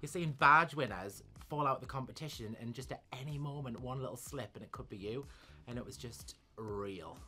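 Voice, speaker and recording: A man's voice: medium pitch, fairly quick, sharp tone. A man who performs in drag, talking casually in an interview and gushing about his castmates. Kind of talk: casual chat.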